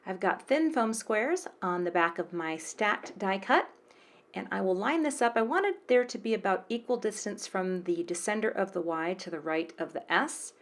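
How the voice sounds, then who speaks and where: A woman's voice: mid-range voice, expressive, normal speed. A middle-aged woman chatting through a card-making tutorial in a voice-over, explaining each step with small jokes.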